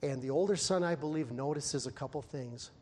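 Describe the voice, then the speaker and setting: A man preaching in a somewhat high voice, his words trailing into a long hall reverb. He retells the story with lively energy, raising his voice when he acts out the characters. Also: brisk, a little hiss or hum. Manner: animated storytelling, acting out the characters in raised voice. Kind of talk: sermon.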